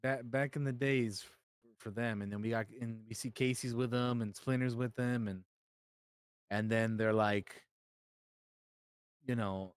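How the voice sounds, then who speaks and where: A young man co-hosting a podcast, excitedly retelling a comic with casual swearing. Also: medium pitch, a little slow, pauses often, clean tone, no room sound. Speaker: podcast co-host. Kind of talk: casual chat.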